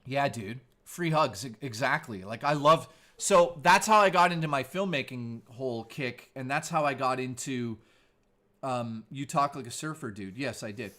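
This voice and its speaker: A man's voice: medium pitch, measured pace, a bit bright. A man in his forties, a streamer host chatting casually in a laid-back, surfer-style way. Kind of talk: casual live-stream chat.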